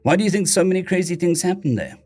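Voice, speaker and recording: A man voicing a cheerful, brisk young woman who rescues alien abductees. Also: high-pitched, lively intonation, darkish tone, voice pushed up.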